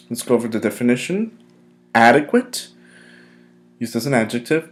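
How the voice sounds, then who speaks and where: Male teacher, mid-pitched voice, clear and emphatic, steady lesson delivery. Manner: clear, emphatic drilling of words. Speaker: English vocabulary teacher. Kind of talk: recorded vocabulary lesson.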